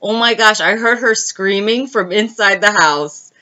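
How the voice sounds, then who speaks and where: A woman's voice: mid-range voice, a little slow, sharp tone, lo-fi sound. Chatty woman livestreamer telling stories. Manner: chatty, answers viewer comments mid-story. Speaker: live stream host. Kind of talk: casual storytelling chat.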